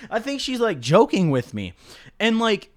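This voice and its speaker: A young man telling a story on his vlog in a casual, animated way, swearing often and dropping low and quiet when he quotes himself. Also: normal speed, no room sound, clean studio sound. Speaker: YouTuber.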